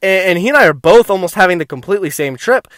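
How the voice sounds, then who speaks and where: Young man, profane, high-voiced storyteller. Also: fast talker, no echo. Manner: profane, rambling, animated. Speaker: vlogger. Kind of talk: casual storytelling to camera.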